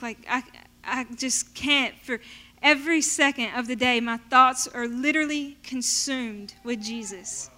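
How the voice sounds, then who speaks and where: A woman telling her personal faith testimony in an animated storytelling way. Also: sits high. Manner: animated storytelling, acting out her past self in quotes. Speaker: speaker sharing a testimony.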